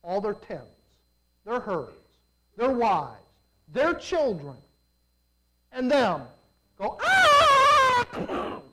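A preacher giving a sermon, telling the story in an animated way full of rhetorical questions. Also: medium pitch, extremely slow, pauses often, low-quality recording.

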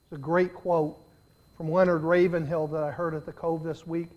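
A preacher delivering an impassioned sermon, moving from hushed, pleading lines to loud, shouted appeals and voicing prayers aloud in the first person. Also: mid-range voice, flat delivery, normal speed, dull audio.

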